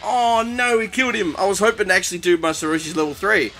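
A man giving live commentary over his own fighting-game match, excitable and quick to exclaim in alarm and poke fun at himself. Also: sits high, a little hiss or hum. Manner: excitable, panicky exclamations and self-mocking. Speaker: gaming commentator.

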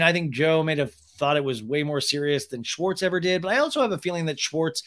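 A man in his thirties talks through a reality-show recap in a loose, chatty way, dropping sarcastic asides. His voice sits a bit high for a man. He slips into mocking imitations of the people he quotes. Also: a bit bright. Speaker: podcast host. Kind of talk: casual recap commentary.

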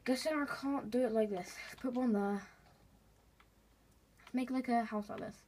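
A woman's voice: on the high side, unhurried, darkish tone. Chatty woman narrating her gameplay. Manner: chatty, rambling, talks to viewers while playing. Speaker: gaming video host. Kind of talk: casual gameplay commentary.

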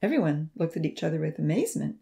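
A woman reading a storybook aloud in a gentle, measured way, narrating as audiobook reader. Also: low voice, very animated, vocal fry.

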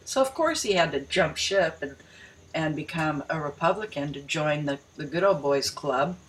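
A woman's voice: sits low, animated, moderate pace, a little hiss or hum, rough recording. A woman reading news articles aloud and breaking off to mock them, rereading lines for emphasis. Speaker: video commentator.

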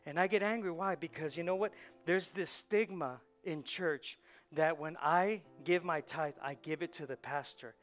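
A man, a pastor, preaching a sermon with rhetorical questions that build to shouting. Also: a little high, moderate pace, soft background music.

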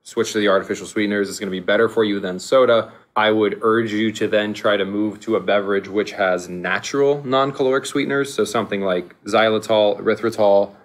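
A man co-hosting a casual podcast, animated, laughing often and restarting his sentences. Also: fairly low pitch, brisk, few pauses. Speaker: podcast co-host.

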